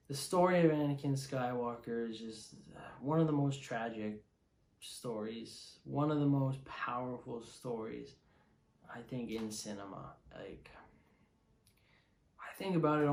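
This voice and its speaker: Excitable man reviewing a film casually, slightly high voice, echoey room. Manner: excitable, emotional, lots of fillers.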